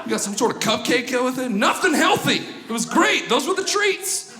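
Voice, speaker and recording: A man's voice: very high-pitched, big pitch swings, normal speed. A man in his thirties doing a stand-up comedy routine, acting out voices and checking in with the crowd. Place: comedy club stage. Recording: roomy stage with loud audience laughter.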